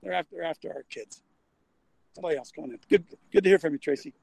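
A man's voice: a little high, quick pace, creaky, darkish tone, breathy edge, no room sound, poor audio. An older man hosting a casual call-in talk show, rambling and folksy with frequent restarts, talking from a vehicle.

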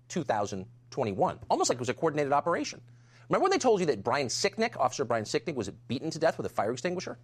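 A man delivering a scripted monologue in an indignant, emphatic way. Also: mid-range voice. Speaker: commentator.

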